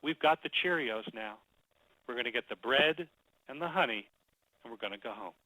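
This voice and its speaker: A man voicing a calm soft-spoken mother. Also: mid-range voice, moderate pace, no room sound, rough recording. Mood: soothing. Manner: quiet, soothing and controlled.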